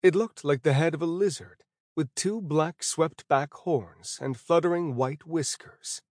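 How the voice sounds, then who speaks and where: A man's voice: fairly high pitch, measured pace, a little mellow, dry recording. Male audiobook narrator, dry close sound. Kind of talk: first-person fantasy audiobook narration.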